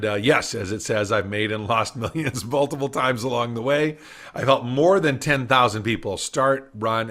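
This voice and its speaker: A middle-aged man, a business speaker, telling a story in a summit talk in an animated way and acting out the voices he quotes. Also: medium pitch. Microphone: video call.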